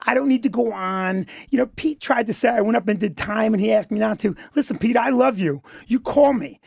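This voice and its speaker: A middle-aged man with a gravelly, creaky voice, recorded dry and close. He talks emphatically and defensively, leaning on "listen" and "okay" as he tells his side as a club owner on a radio talk show. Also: high voice, lively intonation, brisk, darkish tone, no room sound. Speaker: comedy club owner and guest.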